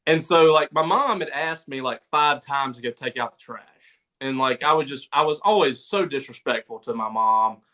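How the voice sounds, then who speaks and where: A man's voice: medium pitch, animated, normal speed, bright, forceful tone. A man co-hosting a sports talk radio show, telling stories in a laid-back way and laughing often. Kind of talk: casual sports talk chat.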